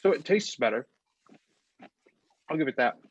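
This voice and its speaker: A man co-hosting a casual podcast chat, halting and laughing, his throat burning and rough from eating a very hot chip. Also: medium pitch, expressive, no room sound. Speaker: podcast co-host, pastor. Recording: dull, dry lo-fi sound.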